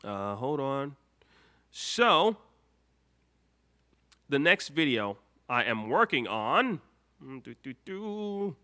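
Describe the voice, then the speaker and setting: Bright, chatty man hosting a stream. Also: mid-range voice, very animated, very slow, long pauses. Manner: rambling and chatty, full of fillers. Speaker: YouTube host. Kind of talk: casual live stream chat.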